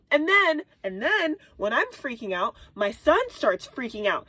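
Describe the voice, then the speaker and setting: Mom in her 30s vlogging from a closet, high voice all over the place, dramatic storytelling, dead dry sound. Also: unhurried, hardly any pauses, breathy edge, no room sound. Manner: animated, exaggerated retelling with whispered asides. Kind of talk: casual storytelling vlog. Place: small closet indoors.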